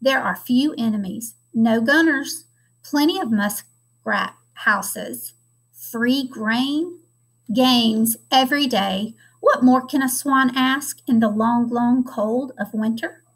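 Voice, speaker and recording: A long-winded father swan lectures his children in a grand, wordy storybook manner, as a woman reads him aloud. The voice stays fairly high and close to her own. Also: takes it slowly, rough recording. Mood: pompous.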